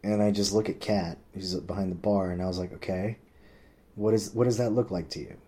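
A man with a low voice tells a long personal story in loose casual chat. He swears constantly, leans on "like," and bumps his pitch up to act out what other people said. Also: fairly even intonation, brisk, warm tone. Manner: rambling, swears a lot, heavy use of "like"; acts out quoted people with pitch jumps.

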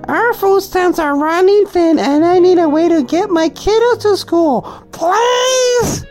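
A woman's voice: very high voice, slow pace, darkish tone, pitched above the performer's own voice. Man putting on a whiny begging single mom. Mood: pleading. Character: pleading broke single mother of three.

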